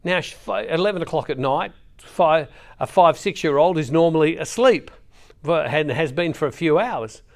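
A middle-aged man preaching, reading scripture and telling a family story with slow, emphatic pauses. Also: on the high side, animated. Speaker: Catholic preacher.

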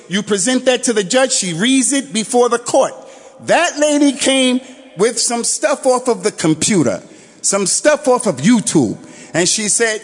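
Guy preaching friday sermon, high voice, animated storytelling, shouts sometimes, long echo in the mosque hall. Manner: animated storytelling, shouted exhortations, quick Quran recitation. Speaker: imam giving Friday sermon.

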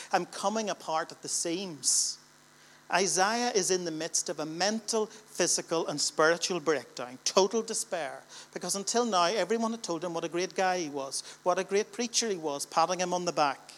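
A man's voice: a little high, moderate pace, fairly bright tone. A middle-aged man from Northern Ireland with a Northern Irish accent, preaching a sermon to a church gathering with rhetorical questions and building, repeated lines that swell with emphasis.

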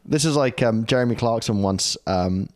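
A man's voice: fairly low pitch, moderate pace, no room sound, clean studio sound. A British man co-hosting a casual podcast chat, joking and reading quotes aloud. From Britain. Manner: jokey, laughing, reads quotes aloud. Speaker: podcast co-host.

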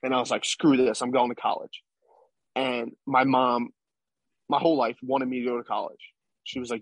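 Husky young man telling a story. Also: medium pitch, little pitch movement, brisk, dry recording. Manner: rambling, tag questions like "right?". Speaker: podcast guest, baseball player. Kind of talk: casual storytelling interview.

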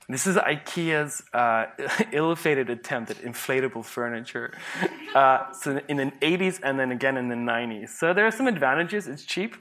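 Bright-voiced man giving a playful talk. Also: a little high, normal speed. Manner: playful, sarcastic, often breaking into laughter. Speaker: conference speaker, psychologist. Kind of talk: humorous conference talk.

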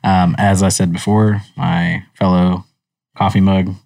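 A man hosting a podcast in casual chat, animated and rambling, quick to laugh. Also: sits low, vocal fry. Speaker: podcast host.

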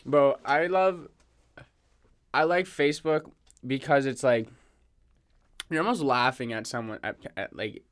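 A man's voice: mid-range voice, unhurried, pauses often. A young man co-hosting a podcast, rambling through stories in casual banter, swearing freely and laughing often. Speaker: podcast co-host.

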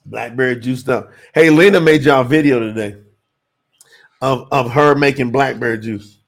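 A man's voice: mid-range voice, creaky. A man from the United States hosting a livestream, teaching Hebrew scripture and answering the chat, with stretched-out emphasis. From USA. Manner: animated, drawn-out emphasis, addresses chat as y'all.

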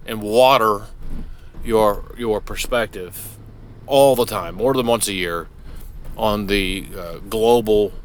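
Sitting in his parked vehicle, a middle-aged podcast host delivers a rambling solo monologue full of profanity and frequent restarts. His pitch is fairly low, his tone fairly bright, and there's a little hiss or hum on the recording.

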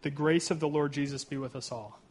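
A man's voice: a little high, fairly even intonation, brisk, a little mellow, slightly rough. A man preaching a sermon, earnest, reading scripture aloud and tossing in "right?" asides and self-deprecating jokes. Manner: reads scripture aloud with rising emphasis. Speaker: pastor.

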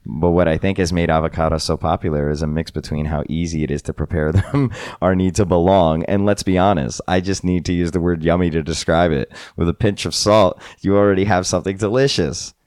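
A man's voice: sits low, steady tone, brisk, hardly any pauses, darkish tone, smooth, no echo, studio quality. A man co-hosting a casual chat, joking and sarcastic, laughing often. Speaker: podcast co-host.

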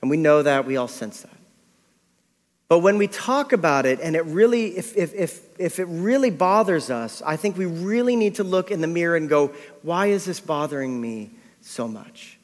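A middle-aged man preaches in a sermon, telling a personal story with animation and acting out his own thoughts aloud. His voice sits a little high. The sound carries a long hall reverb. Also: lively intonation, normal speed. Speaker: pastor.

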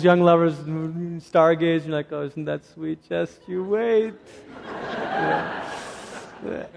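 A man delivering a sermon with a fairly high voice, moving between quick, lively asides and soft, hushed emphasis. His voice rings out with a long reverb, as if he is in a large hall. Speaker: preacher.

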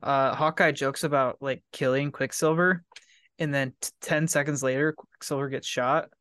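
Man, podcast guest, casual chat, giggly and rambling, mid pitch, dry close sound. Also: fairly even intonation, moderate pace, fairly bright tone, clear, resonant tone, no room sound. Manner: laughs often, loose and rambling.

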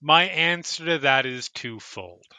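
A man narrating a tabletop game as dungeon master, explaining rulings in a measured, thoughtful way. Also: a little high, animated, sharp tone, dry recording.

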